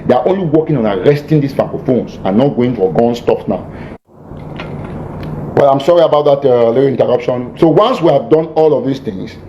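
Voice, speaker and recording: Man, muffled. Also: brisk. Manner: emphatic, repetitive, stumbling restarts. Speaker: militant leader addressing followers. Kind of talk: lecture-style address. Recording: muffled archive clip with faint rumble.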